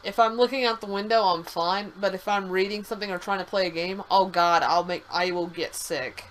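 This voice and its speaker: A woman's voice: mid-range voice, fairly quick, a little hiss or hum, rough recording. A woman co-hosting a game stream, chatting casually with her partner and swearing now and then. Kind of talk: casual gameplay chat.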